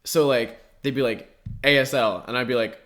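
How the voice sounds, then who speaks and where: A young man in casual podcast chat, his voice bright and forward. He tells stories with animation, acting out both sides of online chats, and peppers his talk with swearing and filler words. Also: mid-range voice, fairly even intonation, moderate pace. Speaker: podcast co-host.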